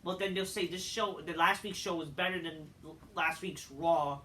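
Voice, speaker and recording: A man rants through a wrestling show review, swearing and venting in exasperated frustration. His high voice sounds sharp and forceful, with a steady tone at a moderate pace. He's a little distant from the mic, with a faint hiss behind him.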